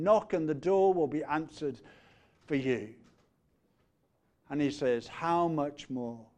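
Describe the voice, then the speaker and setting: A man preaching a sermon, measured, letting phrase endings fall quiet and growing animated when he retells a story. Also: fairly high pitch. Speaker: pastor.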